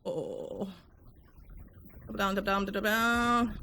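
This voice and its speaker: A young woman live-streaming while she games and chats with her viewers, muttering one moment and breaking into loud outbursts the next, with a cough that keeps coming back. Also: medium pitch, normal speed, pauses often, background noise. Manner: excitable, swings between muttering and loud outbursts. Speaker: gaming streamer.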